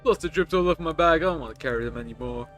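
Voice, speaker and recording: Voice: medium pitch, rapid-fire, a bit bright, faint music behind, lightly acted. A streamer putting on a rambling bus stranger. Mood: chatty. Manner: rambling, crude storytelling. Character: chatty rough man, stranger on a bus.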